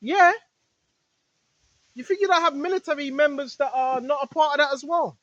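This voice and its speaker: A high-pitched woman preaches in a loose, wandering monologue, circling back to the same phrases and asking her listeners questions she answers herself. The recording is close and dry, with no room sound around her voice. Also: normal speed, no echo, lo-fi sound. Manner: repetitive, fires rhetorical questions at listeners; talks straight to listeners, now and then shouting rebukes at spirits. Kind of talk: rambling spiritual monologue.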